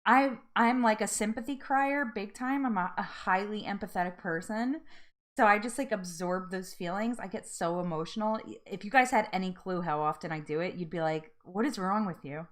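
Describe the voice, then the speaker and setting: A woman's voice: mid-range voice, normal speed, fairly bright tone. A woman hosting a live-stream chat, bubbly and effusive, laughing often and getting emotional. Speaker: livestream host.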